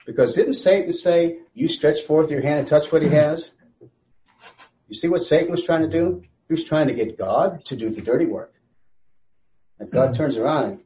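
Animated man teaching a Bible study. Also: a little high, lo-fi sound. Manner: emphatic, rhetorical questions, repeats phrases.

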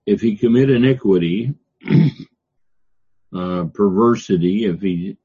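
A man with a lowish, husky voice teaches through scripture verse by verse, pausing and restarting often as he explains. The sound is dull and lo-fi. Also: warm tone. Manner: halting, many fillers and restarts, stresses words. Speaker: Bible teacher. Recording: dull lo-fi recording.

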